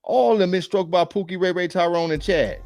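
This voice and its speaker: A man's voice: high voice, brisk, a little mellow, faint music behind. A man giving casual reaction commentary on dating, blunt and preachy, full of slang.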